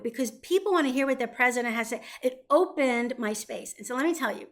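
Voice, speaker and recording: A middle-aged woman speaks as a guest on a teaching podcast, her voice sitting a little high. She tells her story in an earnest, reflective way, quoting others as she goes. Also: animated, quick pace. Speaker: guest, association president.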